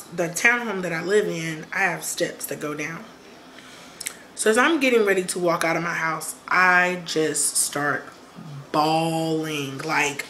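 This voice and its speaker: A woman telling a personal story on her vlog, lively, acting out quoted voices. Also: lowish voice, a little hiss or hum. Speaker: vlogger.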